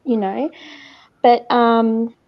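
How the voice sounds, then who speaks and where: Giggly gravelly woman, lo-fi sound. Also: on the high side, steady tone, extremely slow, dry recording. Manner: chatty, giggly, hesitant with fillers. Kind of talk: casual chat on a livestream.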